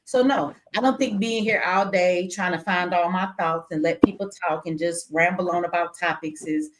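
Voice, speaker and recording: A woman's voice: lowish voice, moderate pace, heavy background noise. Woman host, tired and blunt, casual livestream talk, teasing, reads viewer comments aloud. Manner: blunt, candid, joking, reads super chats aloud.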